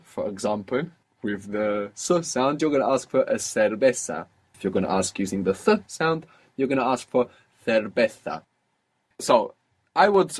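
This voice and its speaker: Male tutor, husky, patient and explanatory, talks through rules with hesitations. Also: fairly low pitch. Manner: patient, explanatory, with frequent uh fillers. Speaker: language teacher. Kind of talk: recorded language lesson.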